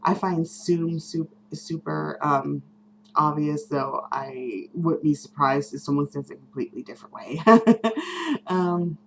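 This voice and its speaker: A woman's voice: deep voice, unhurried, slight background noise, low-quality recording. A woman vlogger chatting casually to camera, rambling with many ums and small laughs. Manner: rambling, many ums and self-corrections, giggly.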